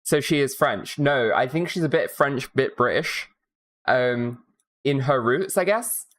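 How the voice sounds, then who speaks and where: Playing a game on stream, this Minnesotan rambles casually, curses frequently and slips in quick asides. The voice sits mid-range, with lively intonation and a fairly bright tone.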